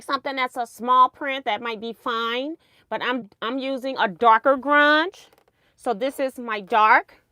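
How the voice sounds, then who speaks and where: A woman's voice: fairly high pitch, bright, forceful tone, no echo, studio quality. A woman hosting a casual quilting livestream, chatty and rambling, laughing at her own mistakes.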